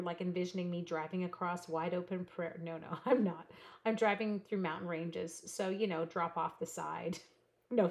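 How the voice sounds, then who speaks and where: A chatty woman from Canada in her forties, hosting a casual livestream. She rambles through a story, laughs easily and stops to greet viewers by name. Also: medium pitch. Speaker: livestream host.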